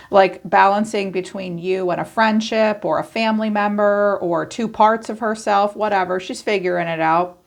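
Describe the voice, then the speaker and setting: A woman with a mid-pitched voice and a gravelly, fry-laden edge gives a tarot reading. She talks in a chatty, informal way and thinks aloud as she lays out the cards. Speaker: tarot reader. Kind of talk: casual tarot card reading.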